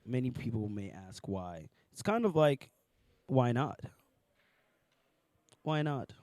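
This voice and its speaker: A man's voice: mid-range voice, lively intonation, slow pace, darkish tone, no echo. A young man hosting a casual podcast outdoors on a college campus, chatty and hesitant, repeating his words. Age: young adult. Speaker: podcast host.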